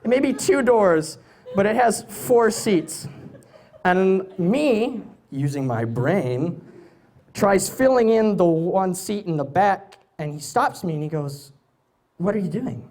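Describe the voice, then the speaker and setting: A young adult comedian performs live stand-up on a stage before a laughing audience, telling rambling, self-mocking stories with many restarts. His voice sits high, a little mellow, with lively intonation and a slow pace.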